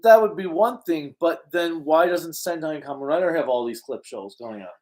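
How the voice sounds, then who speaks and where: A woman hosting a casual livestream chat, excitable, reading viewer comments aloud. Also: deep voice, moderate pace. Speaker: livestream host.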